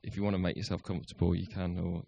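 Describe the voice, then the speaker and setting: A man's voice: low-pitched, level tone, rapid-fire, gravelly, warm tone, lo-fi sound, slight background noise. A man in his thirties, a youth worker, giving a hesitant, self-deprecating farewell speech in church with many ums.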